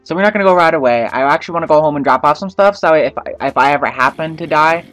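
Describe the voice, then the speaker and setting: A man's voice: fairly high pitch, quick pace, a bit bright, no room sound. A young man with a stuffy nose hosting a casual, profane let's-play, talking to himself and laughing. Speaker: gaming channel host. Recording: faint game music behind.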